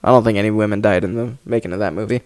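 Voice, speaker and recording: A man telling stories in casual chat, animated, acting out what people said, swearing and laughing a lot. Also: lowish voice, rapid-fire, clear, resonant tone.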